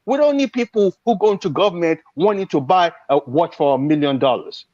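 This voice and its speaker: A man's voice: on the high side, animated, fairly quick, a little mellow, no room sound, lo-fi sound. A Nigerian man hosting a live talk show, speaking in an impassioned, preachy way. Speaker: show host.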